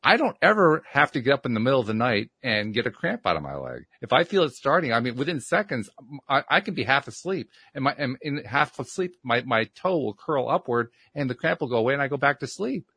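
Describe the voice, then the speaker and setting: A man co-hosting a casual talk show, telling a personal story in a reflective, measured way. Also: medium pitch, big pitch swings, bright, forceful tone, breathy edge, no echo.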